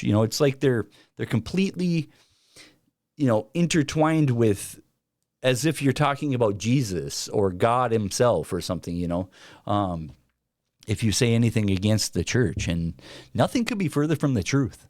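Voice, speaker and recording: Man, reaction host, slow halting talk, dry close sound. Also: medium pitch, expressive, darkish tone, no echo. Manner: slow, hesitant, many fillers and restarts. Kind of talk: casual commentary.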